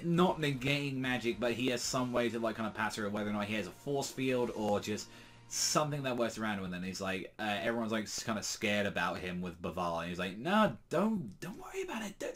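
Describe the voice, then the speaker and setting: A manga reviewer, a man with a lowish, slightly bright voice, casually recaps a manga chapter. He rambles, leans heavily on fillers, and drops in crude, profane asides.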